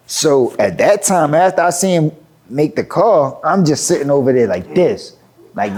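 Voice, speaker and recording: A guest rapper tells a story in a sit-down interview, and his speaking voice sits a little above the usual male range. He talks fast and loose. He packs in fillers and profanity as he goes. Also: a little high, lively intonation, a little mellow. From Philadelphia.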